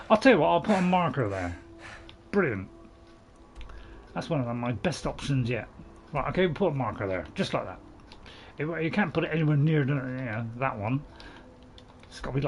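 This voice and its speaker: A man's voice: a little high, vocal fry, slight background noise. A man giving rambling, apologetic let's play commentary as a gaming channel host, chuckling to himself.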